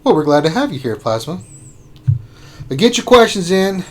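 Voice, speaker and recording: A man hosting a casual gaming livestream, playful and excitable, teasing his co-host. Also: sits high, normal speed, a little hiss or hum.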